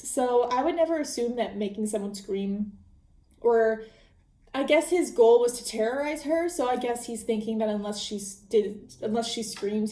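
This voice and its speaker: A woman's voice: fairly high pitch, dark tone, echoey room. A woman podcast host recapping a book in a casual, chatty way, often restarting her sentences. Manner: chatty storytelling with frequent restarts and laughs.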